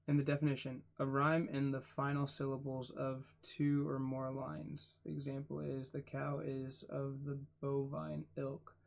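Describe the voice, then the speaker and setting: A man reading a book aloud for his channel, spelling out words letter by letter and adding quiet asides. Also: medium pitch, completely flat delivery, unhurried, creaky, few pauses. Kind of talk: casual read-aloud.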